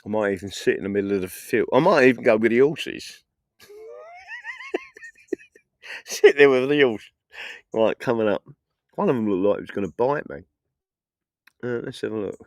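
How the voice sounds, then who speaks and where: The voice is fairly low and a little mellow, with lively intonation, normal speed, and long pauses, on a dry recording. A middle-aged English political livestreamer, he chats casually from an outdoor festival field in the evening, rambling, swearing, and laughing at his own jokes.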